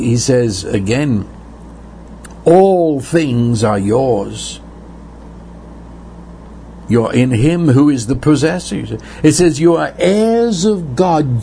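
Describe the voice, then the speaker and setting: Slow, earnest male preacher. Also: mid-range voice, expressive, creaky, darkish tone, a little hiss or hum. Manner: earnest, repeats words, slows for emphasis. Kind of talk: sermon.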